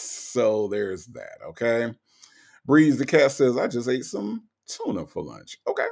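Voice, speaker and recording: Male livestream host, gravelly mid-pitched voice, teasing chat reader. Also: wildly swooping pitch, a little slow, a bit bright. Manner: chatty, teasing, repeats phrases, big pitch swings. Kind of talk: casual live chat.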